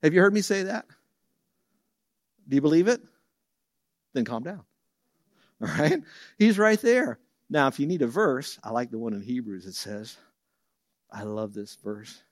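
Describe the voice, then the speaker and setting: Animated preacher man in a dry room. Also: unhurried, pauses often, dry recording. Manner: lively storyteller who jumps high and loud for quoted voices; drops soft and low for reverent verses. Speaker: pastor and Bible teacher. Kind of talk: sermon.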